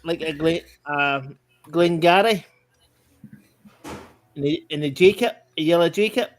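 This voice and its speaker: A man's voice: fairly high pitch, measured pace, low-quality recording. A man with a Scottish accent in a casual livestream chat, rambling and emphatic with lots of restarts.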